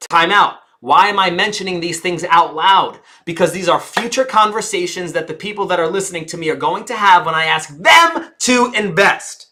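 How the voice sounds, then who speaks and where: A woman speaking coach teaching a live audience, theatrical and engaging, who deliberately slows down, drops her volume and pauses for effect, and puts questions to the listeners. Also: on the low side, expressive, bright, forceful tone. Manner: theatrical, shifts pace and volume on purpose, dramatic pauses.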